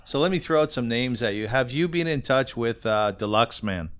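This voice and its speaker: A man's voice: medium pitch, expressive, moderate pace, a bit bright, smooth. A man hosting a podcast, chatting casually and telling a story of his own. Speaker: podcast host. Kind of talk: casual conversational interview.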